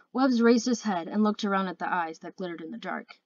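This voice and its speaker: A woman's voice: medium pitch, brisk, no room sound, lo-fi sound. A woman reading a fantasy novel aloud as an amateur audiobook narrator, earnest and careful, with occasional slips. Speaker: audiobook reader.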